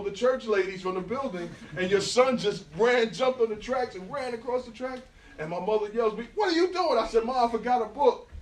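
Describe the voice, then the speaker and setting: The audio, recorded on a phone from across an echoey indoor room full of audience members, has slight background noise. In it, a middle-aged guest speaker from New York, USA, with a New York accent and a high voice, delivers a storytelling artist talk in street slang, checking in with listeners often.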